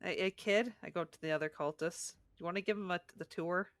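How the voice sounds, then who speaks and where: A woman's voice: fairly low pitch, quick pace, no echo. A woman player in a tabletop game, chatting casually with a laid-back, wry manner.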